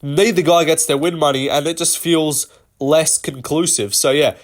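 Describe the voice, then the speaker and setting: Guy ranting casually on his vlog, swears a lot, rambles, kinda high voice. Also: moderate pace. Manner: rambling and profane, many fillers. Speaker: host.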